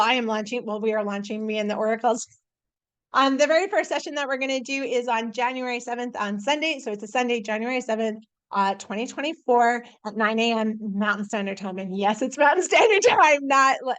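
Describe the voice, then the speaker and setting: Woman, coach type, slightly high voice, rambling, encouraging delivery. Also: fairly bright tone. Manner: rambling, with many restarts and fillers. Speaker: intuitive life coach. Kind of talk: casual live video promotion.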